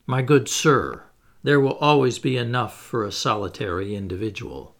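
A man voicing a confident, witty male adventurer who calmly answers every objection. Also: mid-range voice, normal speed, vocal fry, close to an everyday voice. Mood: assured. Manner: cheerful, assured, explanatory.

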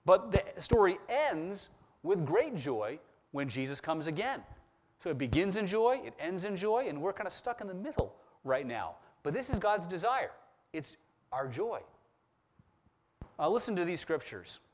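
A man preaching a sermon in a fairly high voice that swings widely in pitch. He slows down and leans on the words when he reads scripture, then returns to a plainer explaining tone. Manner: expressive preaching, slowing down on scripture quotes. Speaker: pastor.

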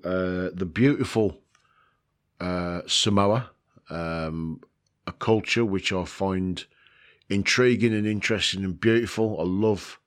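This man has a low, clean-toned voice. Hosting a casual video, he rambles through a list, saying "um" a lot, poking fun at himself and cursing now and then.

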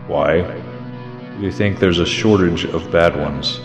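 An actor playing a wry man who delivers a dry, deadpan line about humans. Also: low voice, slow, gravelly, heavily acted. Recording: echoey hall with loud music. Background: guitar music.

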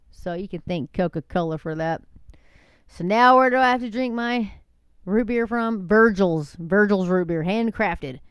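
A woman with a smooth, clear voice, talking in a chatty, digressive way. She keeps calling her listeners "folks" between items on a long list. The sound is dry and close, with no room echo. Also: medium pitch. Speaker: commentator reading a list of incidents. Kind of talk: casual monologue.

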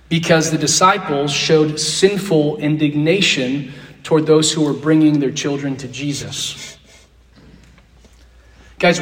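A man leading an interactive Bible lesson, asking the class questions and repeating key phrases. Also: a little high. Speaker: Bible teacher. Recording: roomy echo, distant mic.

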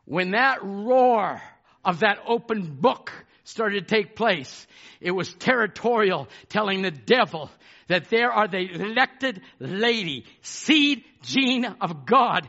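A man preaching a fiery sermon, fervent, swinging between shouted declarations and hushed asides. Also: sits high, animated, slow, creaky, lo-fi sound.

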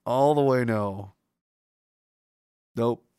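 A man's voice: mid-range voice, extremely slow, warm tone, clear, resonant tone, no echo. Sarcastic rambling man on a dry mic. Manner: rambling, sarcastic, lots of "like" fillers. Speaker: streamer reading chat. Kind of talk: casual live-stream commentary.

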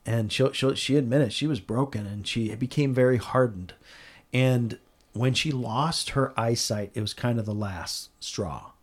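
A man being interviewed, telling a story in a conversational way, earnest and animated, with frequent restarts. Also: medium pitch, unhurried. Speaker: interview guest.

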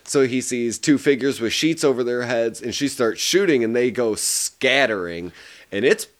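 A man co-hosting a casual movie review podcast, animated, laughing often and swearing freely. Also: medium pitch, normal speed. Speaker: podcast co-host.

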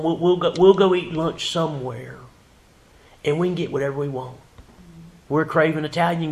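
A male pastor preaching a sermon in a church, rising to loud emphatic passages and dropping to near whispers. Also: fairly high pitch, vocal fry, echoey room. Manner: fervent preaching, swells loud then drops to a whisper. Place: church sanctuary.

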